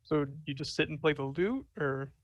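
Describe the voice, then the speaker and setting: A chatty, nosy investigator, voiced by a man in a tabletop game. He talks in a fairly high register and keeps interrupting himself. The sound is dry, with no room around it. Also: moderate pace, no echo, close to an everyday voice. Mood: curious. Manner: chatty, self-interrupting, laughs often. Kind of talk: tabletop role-play over a voice call.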